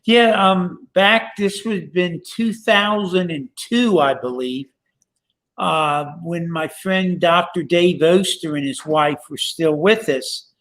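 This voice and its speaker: A male podcast host in casual chat, rambling and halting with many fillers. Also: high-pitched, fairly bright tone. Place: Pennsylvania.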